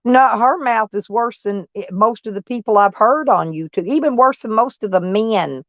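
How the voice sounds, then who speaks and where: A woman's voice: a little high, moderate pace, no echo, highs cut off. A woman chatting casually on a live stream, folksy and blunt, answering viewers' comments by name and swearing mildly. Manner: blunt, peppered with mild cursing.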